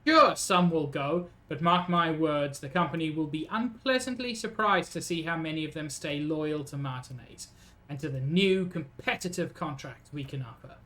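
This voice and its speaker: A man voicing a scheming, jovial middle-aged male union boss in a put-on accent, slow, smug and persuasive. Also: fairly high pitch, bright, forceful tone.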